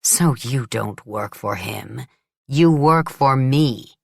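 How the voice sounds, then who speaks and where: A woman's voice: extremely low pitch, slow, dry recording, clean studio sound, heavily acted. A woman voicing an arrogant, crude male businessman who boasts and threatens in an audiobook. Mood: threatening. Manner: boastful, contemptuous, menacing. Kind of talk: audiobook character voice.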